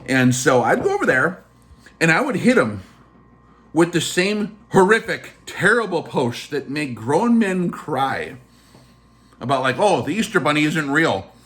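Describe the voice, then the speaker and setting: A man's voice: on the high side, big pitch swings, a little slow, a bit bright. A man hosting a casual vlog, telling a personal story in a chatty way full of fillers. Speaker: channel host.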